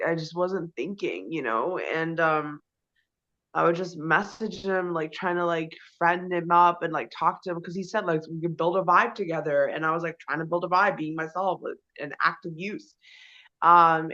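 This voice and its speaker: A woman's voice: on the low side, a bit bright. A woman speaking as an interview guest in a rambling, loose way, full of fillers and casual swearing. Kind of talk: casual conversation. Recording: dull lo-fi audio.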